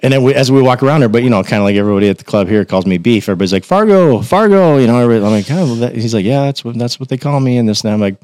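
This podcast guest rattles off casual stories in a medium-pitched voice, barely pausing, with no room sound at all. Animated throughout, he performs other people's quotes in a raised voice.

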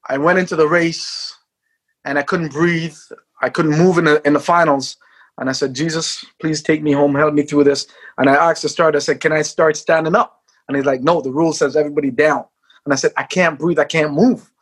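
Husky ex-sprinter guy telling a big dramatic story, kinda high voice, does all the quotes himself. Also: steady tone, moderate pace. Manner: dramatic, acts out quotes, shouts at peaks. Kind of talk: animated storytelling interview.

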